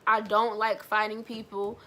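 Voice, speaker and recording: Young woman vlogger, blunt and animated, bright voice. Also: mid-range voice, unhurried. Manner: blunt, animated, swears freely. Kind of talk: storytime vlog.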